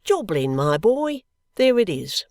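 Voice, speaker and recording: A reader voicing a scheming, sentimental young male law clerk who talks in a confiding, often hushed and whispery way. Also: mid-range voice, very animated, slow, dry recording, clean studio sound, pitched above the performer's own voice. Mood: hearty.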